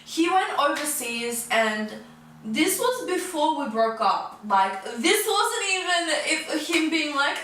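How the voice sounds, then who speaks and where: Lively high-voiced young woman, echoey room. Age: 20s. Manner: animated, fast-talking, swings from low mutters to high outbursts. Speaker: vlogger. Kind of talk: storytime vlog, casual chat. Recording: echoey room, voice a bit far from the mic.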